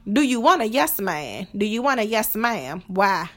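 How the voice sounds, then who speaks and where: A woman's voice: medium pitch, very animated, normal speed. Blunt, profane woman podcaster. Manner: blunt, profane, rhetorical questions. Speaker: podcast host. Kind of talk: casual monologue on relationships.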